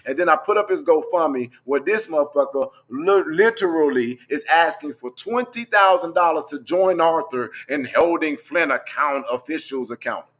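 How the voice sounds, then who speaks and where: A man's voice: on the high side, lively intonation, normal speed, few pauses, a bit bright. A young man, talking bluntly and profanely in a casual livestream, scrolling through screenshots as he goes. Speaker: vlogger.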